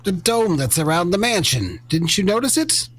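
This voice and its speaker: A man narrating as game master of a superhero tabletop game, relaxed and hesitant, with many fillers. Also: sits high, normal speed.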